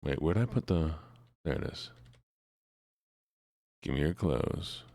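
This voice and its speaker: A man streaming a video game in a soft-spoken, playful way, chatting to his viewers as he plays. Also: rumbling low, expressive, slow, dry recording, clean studio sound.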